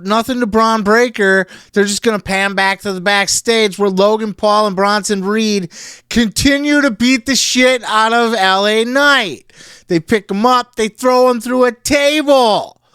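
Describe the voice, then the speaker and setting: A man reviewing a wrestling show in casual solo commentary, profane and animated, laughing often. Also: high-pitched, measured pace, clear, resonant tone, no room sound, clean studio sound.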